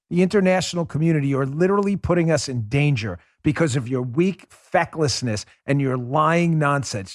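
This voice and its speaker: A man's voice: on the high side, no room sound, clean studio sound. Combative ranting man hosting a political show. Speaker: political talk show host. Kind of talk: heated political commentary monologue.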